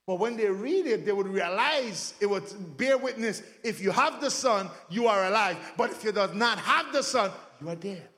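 A man preaching a rousing sermon, breaking into shouts and asking the congregation to call back answers. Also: high voice, expressive, moderate pace, hardly any pauses, long reverb tail.

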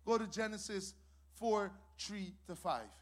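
A man preaching a sermon as pastor, swinging between quiet asides and loud, sing-song shouted declarations and repeating his phrases for emphasis. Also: high voice, animated, a little slow.

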